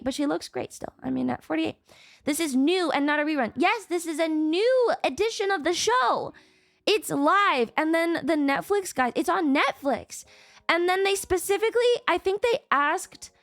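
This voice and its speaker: A woman with a high voice rambles through a casual stream chat, swearing freely. Her sound is dry and close, and faint music plays underneath. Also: fairly bright tone, no echo.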